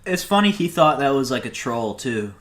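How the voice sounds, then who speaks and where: A man's voice: medium pitch, big pitch swings, moderate pace, fairly bright tone. A young man co-hosting a podcast, telling stories and making dry, sarcastic wisecracks. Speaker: podcast co-host. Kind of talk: casual chat.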